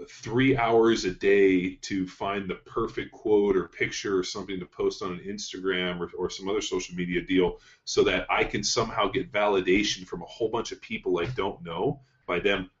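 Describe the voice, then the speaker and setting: Male podcast host, deep-voiced and blunt, swears freely, dull roomy recording. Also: steady tone, normal speed. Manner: blunt, profane storytelling. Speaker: podcast host, strength coach. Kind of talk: casual podcast talk. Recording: dull, roomy studio sound.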